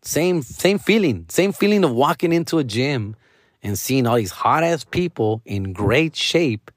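A man's voice: mid-range voice, measured pace, no room sound, clean studio sound. Profane Chicano guy vlogging, slangy. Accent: Chicano, English mixed with Mexican Spanish slang. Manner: slangy, profane, animated, acts out quotes. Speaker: vlogger taking acting classes. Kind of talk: casual monologue to viewers. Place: small dim room with a lamp.

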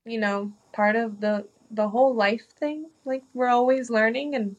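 A woman with a somewhat high voice chats as a podcast guest. She speaks in an earnest, open way, her thoughts tumbling out with lots of "like" in between. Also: fairly even intonation, normal speed, highs cut off. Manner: earnest and chatty, peppered with "like". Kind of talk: casual conversation.

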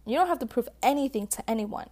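A woman's voice: a little high, lively intonation, fast, a little mellow. A woman vlogger talking casually and emotionally to her viewers about relationships, full of "like" and calling them sis and babe. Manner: chatty, emotional, calls viewers sis and babe, many likes. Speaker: vlogger giving relationship advice. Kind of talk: casual heartfelt talk to viewers.

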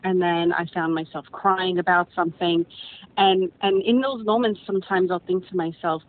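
A woman's voice: fairly even intonation, normal speed. Earnest rambling woman on a tinny line. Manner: rambling, repeats words, earnest and open. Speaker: guest. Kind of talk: casual personal storytelling. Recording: tinny phone-like line with faint rumble.

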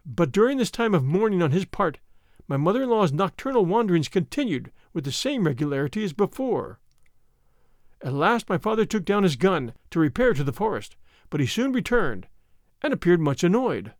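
A man narrating a classic tale as an audiobook reading, in an expressive, dramatic manner. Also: high voice, normal speed, no echo, studio quality.

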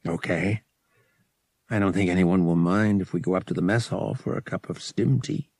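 A man doing a soft-spoken, comforting young man. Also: normal speed, creaky, husky, no echo, clean studio sound, heavily acted. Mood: soothing. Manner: low, soft, reassuring. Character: caring young man, quiet and steady comforter.

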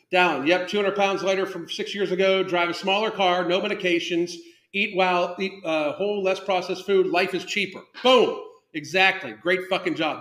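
Male livestream host, high bright voice, aggressive profane rant, echoey home room. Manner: profane, loud and confrontational, swearing constantly. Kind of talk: ranting livestream monologue.

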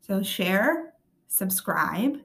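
A woman with a raspy voice hosting a podcast, talking earnestly and often checking in with her listeners. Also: medium pitch, big pitch swings, very slow, fairly bright tone. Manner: earnest, checks in with tag questions like "right?" and "okay?". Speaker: podcast host. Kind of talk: casual podcast monologue.

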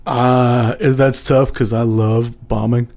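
A man's voice: medium pitch, little pitch movement, takes it slowly, a little mellow. A man from near the US–Mexico border, a comedian guest, talking bluntly and mocking himself in a casual podcast chat. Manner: blunt, self-mocking, laughs easily.

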